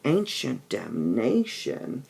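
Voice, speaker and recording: Guy doing a pleading teen girl, pitched way up, dramatic reading, gravelly. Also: huge pitch swings, extremely slow, darkish tone, exaggerated voice. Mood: anguished. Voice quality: raised high pitch. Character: young teenage girl pleading and torn.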